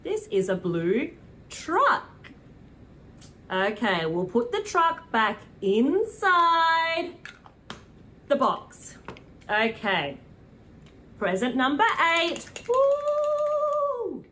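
Young British woman for kids' lessons, high, lively sing-song delivery. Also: a little hiss or hum. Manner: slow, sing-song and animated, gasps and cheers. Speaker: children's presenter. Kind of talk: preschool teaching.

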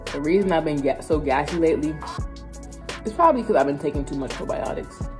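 A woman's voice: deep voice, expressive, quick pace. A young woman with a Philadelphia accent, chatting loosely and with plenty of slang to her viewers in a casual vlog, filmed on a phone held at arm's length. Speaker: vlogger. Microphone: phone camera at arm's length. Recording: music playing clearly under the voice.

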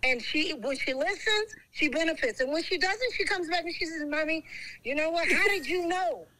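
Middle-aged woman, speakerphone, high bright voice, blunt storyteller, faint noise behind. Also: moderate pace, poor audio. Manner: blunt, animated, curses freely. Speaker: guest's mother calling in. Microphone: phone on speaker.

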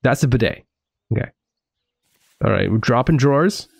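A young man commentating a horror game live, excitable, swearing and joking to viewers. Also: mid-range voice, moderate pace, creaky, slightly rough, no room sound, clean studio sound. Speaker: gaming streamer.

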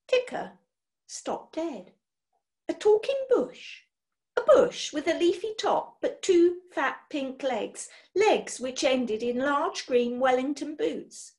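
Woman, storybook reading, expressive, high voice, animated pitch. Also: takes it slowly. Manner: expressive, swings between loud and hushed. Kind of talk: reading a children's book aloud.

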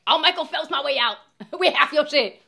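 A woman's voice: high voice, animated, normal speed, vocal fry, bright, forceful tone. A woman in a comedy sketch, sassy, defiant and profane, mixing in Spanish words.

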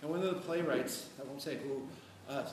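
A middle-aged man on a panel, telling stories in an animated, chatty way and checking in with "right?". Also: mid-range voice, a little fast. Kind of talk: storytelling on a panel. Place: large echoey hall at a panel event. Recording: echoey hall from far off, noisy.

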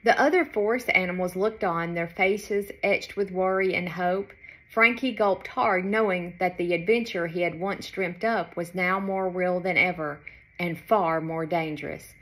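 A woman author reading her children's storybook aloud in an expressive, lilting way. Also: lowish voice, unhurried.

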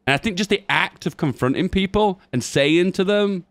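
A man's voice: high-pitched, moderate pace, a bit bright, no room sound. A man rambling and musing aloud in casual chat while commenting on gameplay.

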